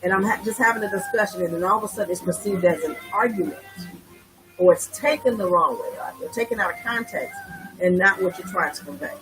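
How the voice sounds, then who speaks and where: A woman's voice: mid-range voice, quick pace, over music, poor audio. A woman co-hosting a relationship talk, agreeing firmly and giving her own examples. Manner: emphatic, agreeing, gives examples. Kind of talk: casual discussion.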